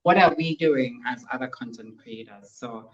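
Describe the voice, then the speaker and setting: A man, a guest on a live comedy podcast, speaking in an earnest, measured way that turns playfully pushy. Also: mid-range voice. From Kenya. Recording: echoey room, dull sound.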